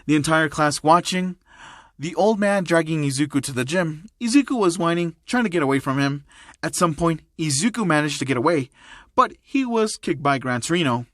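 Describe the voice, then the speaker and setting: A man's voice: on the high side, fairly bright tone, no echo, clean studio sound. Man narrating a fan-made story. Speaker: narrator and voice actor.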